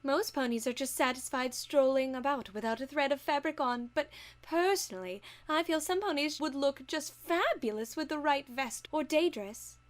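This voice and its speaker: A woman's voice: high-pitched, moderate pace, hardly any pauses, lightly acted. A woman playing a posh unicorn dressmaker. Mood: gracious. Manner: posh, theatrical and elegant. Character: refined fashionable unicorn mare, dressmaker. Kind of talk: fan audio drama reading.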